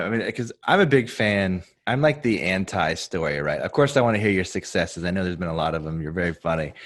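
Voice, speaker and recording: Brief: man, deep-voiced podcast host, enthusiastic and playful. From Texas. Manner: joking, enthusiastic questioner. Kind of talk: casual podcast interview. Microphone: video call.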